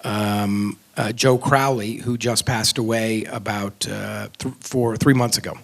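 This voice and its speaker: A man, a filmmaker, talking earnestly about his film in an onstage conversation, pausing and restarting often. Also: lowish voice, fairly even intonation, creaky. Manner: earnest, reflective, frequent restarts and fillers. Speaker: film director discussing his film. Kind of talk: onstage conversation before an audience. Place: stage at a film festival event.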